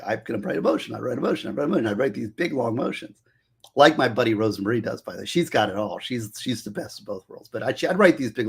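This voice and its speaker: A man tells stories from his years as a public defender, casual and rambling. His voice is husky, his pitch lively, and he slips into other people's voices as he quotes them. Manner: animated, acts out quotes with shifting voices. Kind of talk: casual storytelling monologue.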